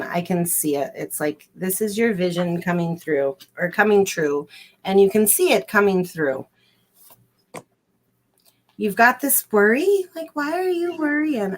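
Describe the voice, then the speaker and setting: A woman giving a psychic card reading on a livestream, effusive and giggly, often repeating herself. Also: medium pitch. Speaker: guest psychic. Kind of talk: live-streamed card reading.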